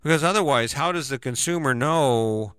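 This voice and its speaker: Bright-voiced middle-aged man ranting casually. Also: mid-range voice, moderate pace, clean tone, dry recording, studio quality. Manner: rambling, keeps asking "right?". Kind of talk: casual opinion monologue.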